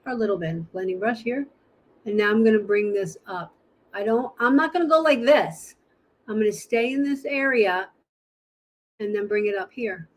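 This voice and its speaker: A woman's voice: mid-range voice, normal speed. A woman giving a casual live makeup tutorial, chatting and thinking aloud as she hunts for her products. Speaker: makeup presenter.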